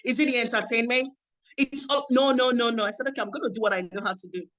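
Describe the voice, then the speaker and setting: A woman's voice: fairly high pitch, steady tone, fast, a bit bright, highs cut off. A young woman speaking at a conference, giving a personal testimony with lots of reported dialogue, emotive and earnest.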